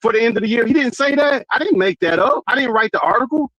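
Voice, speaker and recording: A very high-pitched man fires off rapid, combative rebuttals in a heated live-stream debate, cursing and calling the other guy "bro" over and over. The sound is dry and close, with no room around it. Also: lively intonation, a bit bright, dry recording, lo-fi sound. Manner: combative, profane, repeatedly says "bro". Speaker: debate panelist.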